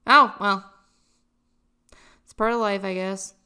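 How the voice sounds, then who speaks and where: A young adult woman, a college student vlogger, chats casually to the camera, rambling, joking at her own expense and using lots of fillers. Her mid-range voice is steady, bright and smooth, pushed a little, and she talks at a slow pace.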